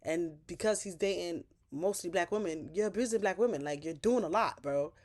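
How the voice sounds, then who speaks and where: Animated, profane woman recapping a show. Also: lowish voice, moderate pace. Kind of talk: casual TV episode recap.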